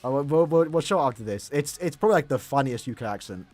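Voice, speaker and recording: A young man chatting casually on a live game stream, talking in quick bursts and laughing easily. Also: medium pitch, animated, a little mellow, soft background music.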